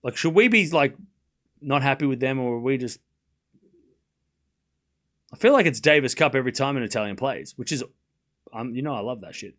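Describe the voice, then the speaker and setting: A man's voice: mid-range voice, animated, normal speed, long pauses, fairly bright tone. A man hosting a live stream, chatting casually, often laughing and joking sarcastically as he reads and answers his chat.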